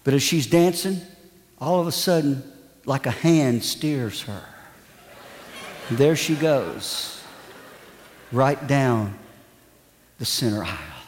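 A man's voice: mid-range voice, expressive, takes it slowly, pauses often, slight background noise. A man preaching a sermon, telling a humorous story with playful character voices. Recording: long church reverb, faint ambience.

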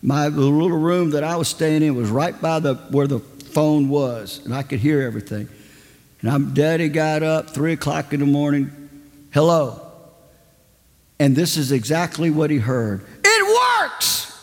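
A man's voice: a little high, moderate pace, a little mellow. A man preaching a sermon, telling a story animatedly and acting out the voices of the people in it. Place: church. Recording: long church reverb.

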